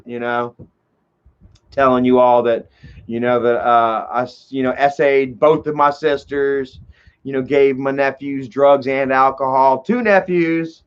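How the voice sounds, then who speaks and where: A man telling a long, rambling story on a livestream, swearing freely and filling every pause with "you know" while greeting viewers in chat. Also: mid-range voice, little pitch movement, clean tone. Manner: profane, heavy on fillers like "you know". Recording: dull lo-fi livestream audio.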